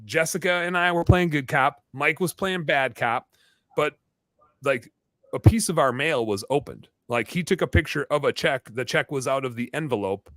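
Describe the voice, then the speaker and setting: A man's voice: a little high, moderate pace, a bit bright, no room sound, clean studio sound. A man hosting a podcast, telling a long story in a rambling, chatty way full of asides. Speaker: podcast host. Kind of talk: casual storytelling chat.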